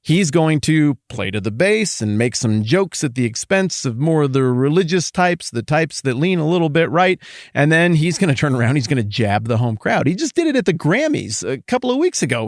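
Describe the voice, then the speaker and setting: A middle-aged man hosting a podcast, talking in an animated, conversational way with rambling asides. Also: fairly high pitch, normal speed, no echo, clean studio sound. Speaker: podcast host. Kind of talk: casual monologue.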